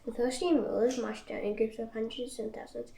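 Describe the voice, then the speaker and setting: Woman reading scripture aloud; fairly high, gravelly voice in an echoey room. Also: a little fast. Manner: steady reading with slips and restarts. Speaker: Bible reader. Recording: echoey room, faint noise.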